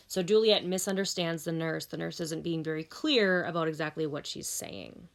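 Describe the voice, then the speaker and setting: A woman's voice: lowish voice, fairly even intonation, normal speed, vocal fry, hardly any pauses. Woman casually explaining a scene. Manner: plain, explanatory retelling. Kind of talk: casual lesson summary.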